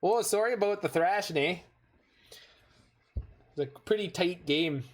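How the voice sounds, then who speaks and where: A man voicing a jokey, exaggerated Canadian character with drawn-out "eh" and "jeez" over a card game. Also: fairly high pitch, lively intonation. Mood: folksy teasing. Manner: exaggerated drawling "eh" and "jeez" delivery.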